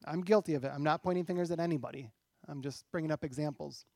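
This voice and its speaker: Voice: mid-range voice, fast talker, creaky, mellow, no echo. A pastor preaching a sermon in a church, talking conversationally and asking rhetorical questions.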